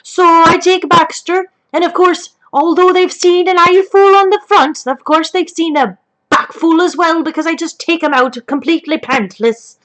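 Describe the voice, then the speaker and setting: Woman doing a cursing old grandma, high voice, rambling, irreverent, comic chat. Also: fairly even intonation, normal speed, fairly bright tone, poor audio. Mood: gossipy. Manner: swears constantly, rambles off topic. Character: foul-mouthed elderly grandmother, rambling and irreverent. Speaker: grandmother telling a story. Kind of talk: comedic improvised chat.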